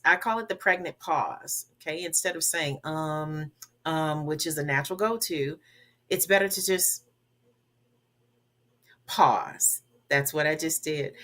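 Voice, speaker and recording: A woman from the American South talks as a public speaking coach, her voice lowish and bright with a forceful edge. She lays out advice emphatically and repeats the words she wants to stick. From Southern United States. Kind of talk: advice in a podcast interview.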